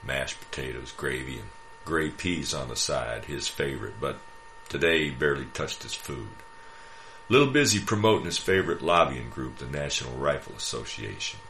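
A man's voice: a bass voice, expressive, normal speed, gravelly, fairly bright tone, a little hiss or hum. A man reading his own story aloud with wry, dry humor. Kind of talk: first-person story reading.

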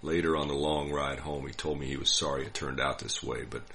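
An older man from the United States telling a personal story in a dry, wry, unhurried way. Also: extremely low pitch, fairly even intonation, creaky, bright, forceful tone, a little hiss or hum. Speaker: narrator. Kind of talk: scripted storytelling.

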